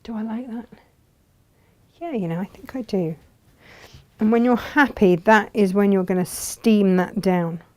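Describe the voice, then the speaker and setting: Woman craft host, unhurried, chatty, thinks aloud mid-demo. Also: mid-range voice, darkish tone. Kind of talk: live craft demonstration.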